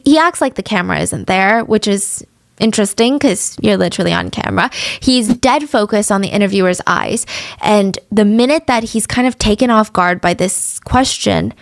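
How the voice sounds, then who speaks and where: A woman's voice: mid-range voice, no echo. A woman hosting a true-crime podcast, chatty and opinionated, who sometimes drops her voice to a whisper. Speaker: podcast host.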